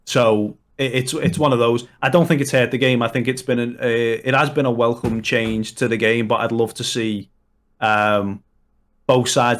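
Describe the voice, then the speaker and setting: A man from Liverpool with a Liverpool accent, a guest chatting at length on a podcast, with many restarts and fillers. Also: mid-range voice. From Liverpool, England. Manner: long-winded, full of restarts and fillers. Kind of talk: casual podcast chat.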